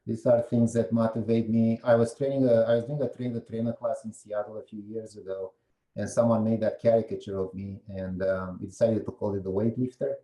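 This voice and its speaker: A man with a low, very dark and mellow voice gives a presentation at a meetup. He walks through his slides and turns to the audience with questions as he goes. The sound has a roomy echo, as if picked up in a meeting room. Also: fairly even intonation, a little fast. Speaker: guest presenter.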